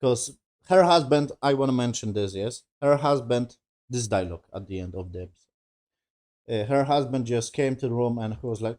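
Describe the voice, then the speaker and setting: Mellow-voiced man doing a profane review. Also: on the low side, moderate pace. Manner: loose, profane, with non-native English grammar. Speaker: TV show reviewer. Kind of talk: casual episode recap review.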